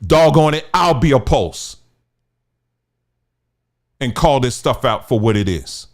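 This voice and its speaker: An online commentator rants through a monologue in a medium-pitched, sing-song voice, speaking slowly. He fires off rhetorical questions and trips over repeated words while driving his point home.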